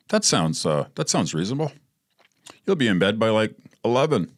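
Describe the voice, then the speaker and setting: A man with a very low voice recounts his past openly, swearing freely and circling back with ums and uhs. The sound is dry and close, with no room echo. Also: big pitch swings, moderate pace. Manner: candid, profane, rambling with fillers. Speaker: podcast host. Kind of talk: storytelling monologue.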